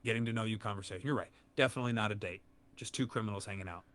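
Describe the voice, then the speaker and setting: A man's synthetic AI voice answering in a calm, good-natured, measured way. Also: fairly low pitch. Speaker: AI chat companion. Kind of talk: conversational AI replies.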